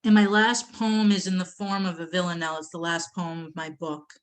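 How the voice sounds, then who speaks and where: A woman from Boston giving a poetry reading, slow, measured and deliberate. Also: fairly low pitch, little pitch movement. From Boston, United States. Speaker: poet.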